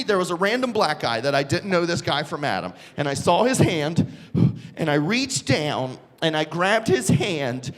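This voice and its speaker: A man performing a live stand-up comedy set, telling a story with bursts of shouting and put-on voices. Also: high-pitched. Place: comedy club stage. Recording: live club recording with long reverb.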